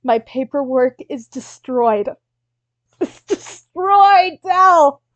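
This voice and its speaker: A woman voicing a frazzled female boss of a science facility who shrieks in frantic outbursts and turns quietly menacing, in a tabletop role-play game. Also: expressive, unhurried, no echo. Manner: shrill frantic outbursts turning to low menace.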